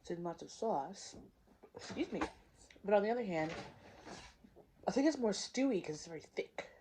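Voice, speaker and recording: A woman chatting casually to the camera while eating, pausing between bites and asking viewers questions. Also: mid-range voice, lively intonation, a little mellow, slight background noise. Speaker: vlogger. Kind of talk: casual mukbang chat.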